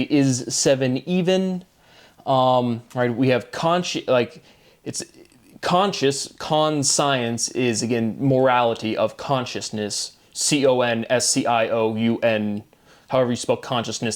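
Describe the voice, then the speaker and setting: A man talks alone in a meandering, self-mocking way while he turns words over. His voice sits in the middle range. He hurries through asides, then slows right down to stretch out each term. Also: medium pitch. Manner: musing, self-deprecating, wordplay-driven; drifts between quick asides and slow deliberate terms. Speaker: video creator. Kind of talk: rambling solo monologue.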